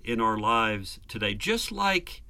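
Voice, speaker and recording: A man's voice: lowish voice, very animated, takes it slowly, bright, forceful tone, no room sound. A man preaching a sermon, earnest and emphatic, building lists and rhetorical questions.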